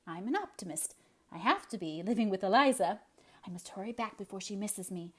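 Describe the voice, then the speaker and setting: A woman's voice: medium pitch, animated, a bit bright, slightly rough. Storybook: timid optimist spinster, breathless and eager, voiced by a woman narrator. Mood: hopeful. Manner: hopeful, hurried, breathless. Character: timid, cheerful older spinster sister.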